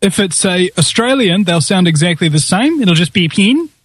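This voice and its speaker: A man's voice: high-pitched, lively intonation, normal speed, no echo. A man with a New Zealand accent hosting a talk radio show, joking and rambling with many fillers. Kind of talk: casual radio chat.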